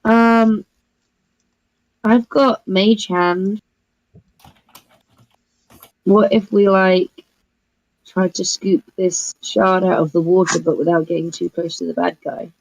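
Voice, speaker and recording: A woman's voice: fairly low pitch, steady tone, takes it slowly, long pauses, darkish tone, rough recording. A woman playing a tabletop game, thinking aloud tentatively. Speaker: player. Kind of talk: in-character tabletop chat.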